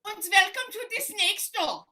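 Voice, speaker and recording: A woman improviser playing a sly, hushed shopkeeper in a comedy scene. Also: very high-pitched, very animated, normal speed. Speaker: improv player.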